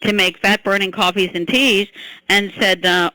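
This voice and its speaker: Speaking at normal speed with a medium-pitched voice, an older female scientist recounts in an interview how she came up with a product, laughing, stressing her points and adding "okay?". The poor recording has no room sound.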